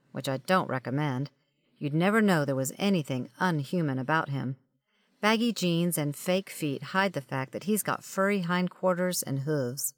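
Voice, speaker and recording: A woman's voice: deep voice, no echo, studio quality. A woman reading a first-person audiobook in a wry, conversational storytelling manner. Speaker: audiobook narrator.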